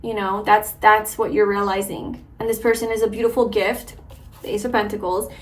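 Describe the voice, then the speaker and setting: A young woman gives a viewer a casual tarot reading, chatty and warm-hearted, with plenty of filler "likes" and "ums." Her voice is medium-pitched with little pitch movement, and she talks at a normal speed.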